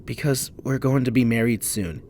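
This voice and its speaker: A man's voice: medium pitch, normal speed, darkish tone, a little hiss or hum, lightly acted. A man voicing a frightened young man, an engaged hunter who stammers and pleads. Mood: stammering. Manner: stammering, pleading, near hysterical.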